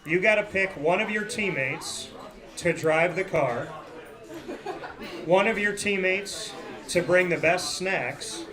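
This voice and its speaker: A man's voice: sits high, slow. Playful male host in a busy restaurant. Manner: playful, teasing, animated storytelling. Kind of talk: casual live interview. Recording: noisy restaurant crowd. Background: crowd chatter.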